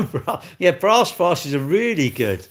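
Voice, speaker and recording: This middle-aged livestream host answers viewer comments bluntly and at length, chatting with lots of restarts and laughter. He sounds high-pitched and a bit bright, taking his time while his pitch swings widely.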